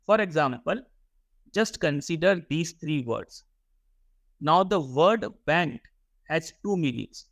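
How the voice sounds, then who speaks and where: A young man lectures a workshop class in a slightly high voice, recorded dry and close with no room echo. He often repeats words and keeps asking the students questions. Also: expressive, slow pace, long pauses, fairly bright tone. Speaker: workshop instructor.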